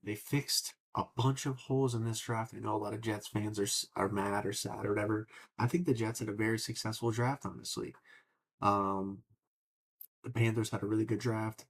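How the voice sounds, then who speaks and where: A man's voice: on the low side, level tone, normal speed, slightly rough. A young man hosting a casual sports podcast, opinionated and rambling, cursing now and then. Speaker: podcast host.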